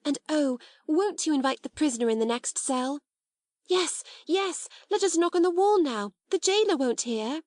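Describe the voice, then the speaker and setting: A woman's voice: high-pitched, lively intonation, normal speed, a little mellow, dry recording, studio quality, voice pushed up. A woman reading an audiobook, voicing a proud, imaginative young girl who speaks in an earnest, passionate way. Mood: playful.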